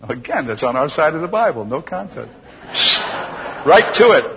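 An older man telling his personal testimony to an audience as a chuckling, lively storyteller. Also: on the high side, measured pace, creaky, very noisy. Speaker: speaker giving a personal testimony. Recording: dull lo-fi recording with long hall reverb.

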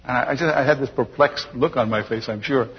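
An older man telling his personal testimony to an audience as a chuckling, lively storyteller. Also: mid-range voice, brisk, slightly rough. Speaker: speaker giving a personal testimony. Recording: dull lo-fi recording with long hall reverb.

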